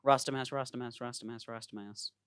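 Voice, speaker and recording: Speaking through a computer mic on a voice-chat call from home, a young adult podcast host talks casually, laughs and rambles. He has a mid-range voice with fairly even intonation, a fairly quick pace and a fairly bright, clean tone, with no echo.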